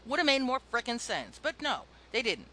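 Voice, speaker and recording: A woman's voice: on the high side, very animated, moderate pace, pushed and bright, slight background noise. A woman co-hosting a casual gaming podcast, playfully grumbling and laughing often. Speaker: podcast co-host.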